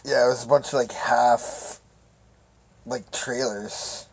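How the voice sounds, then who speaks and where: A man co-hosting a podcast, speaking in halting fragments and swearing as he chimes in. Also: medium pitch, steady tone, breathy edge, low-quality recording. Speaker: podcast co-host. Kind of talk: casual chat.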